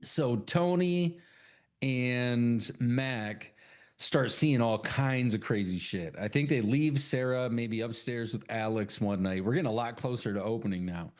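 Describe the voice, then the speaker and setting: A man's voice: mid-range voice, a little slow. A man co-hosting a casual podcast, eagerly retelling film scenes, swearing often and acting out characters' lines. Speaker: podcast co-host. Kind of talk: casual chat.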